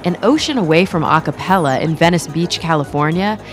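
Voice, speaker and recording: Woman narrator, lower register, measured voice-over, music beneath. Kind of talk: scripted narration.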